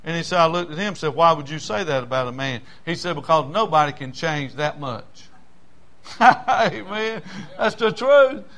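A man preaching a sermon in a dramatic, folksy way, swinging between loud outbursts and low murmurs. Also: fairly quick. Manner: folksy, with many fillers and restarts.

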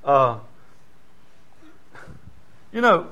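A man's voice: mid-range voice, sing-song, very slow, pushed and bright, dull audio. An older man, a pastor preaching in a folksy storytelling way, dropping into dialect. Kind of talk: sermon.

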